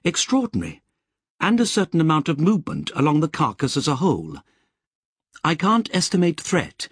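Crisp chattery ai guy, talks fast and bright, lots of ups and downs, narrator doing the voice. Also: on the high side, dry recording, clean studio sound, pitched above the performer's own voice, exaggerated voice. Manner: crisp, eager, fast-talking. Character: precise, chattering male AI voice.

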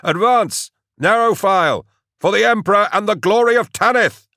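Man playing a driven commissar, bellowing commands, high loud voice, dry sound. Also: normal speed, no room sound.

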